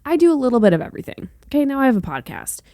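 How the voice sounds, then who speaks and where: A woman's voice: high-pitched, very animated, racing, warm tone, no echo, studio quality. A young woman from North Carolina hosting a solo podcast in a chatty, rambling way, with playful sassy asides. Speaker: podcast host. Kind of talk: casual solo podcast chat.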